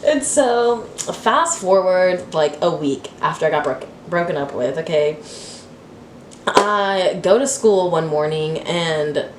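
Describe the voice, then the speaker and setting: A young woman vlogger telling a story in an animated, dramatic way, full of fillers. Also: lowish voice, takes it slowly. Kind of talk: storytime vlog. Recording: roomy echo with faint hiss.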